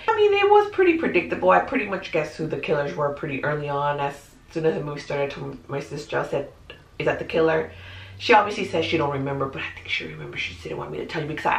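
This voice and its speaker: A woman chats through her movie picks in a slightly low voice, animated and full of fillers. She sits a little back from the mic in an echoey room. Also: far from the mic. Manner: chatty, animated, frequent "like" and "you guys". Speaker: movie review vlogger. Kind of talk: casual spoken movie review.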